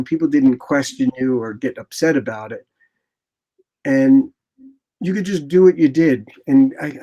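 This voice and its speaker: A man in his sixties, a photographer guest in an interview, telling rambling, animated anecdotes and acting out what people said. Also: a little high. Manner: animated, rambling anecdotes with lively quoted asides. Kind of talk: casual interview storytelling.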